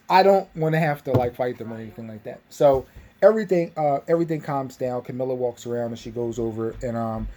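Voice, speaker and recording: A man's voice: mid-range voice, mellow. A young man casually recapping a tabletop game session, rambling with lots of fillers and restarts.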